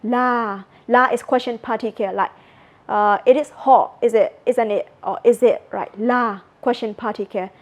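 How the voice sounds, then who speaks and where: A woman from Myanmar, a native Burmese speaker with a Burmese accent, giving an informal lecture with many "like" and "you know" fillers while slowly repeating sounds to demonstrate them. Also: a little high, steady tone. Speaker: language presenter.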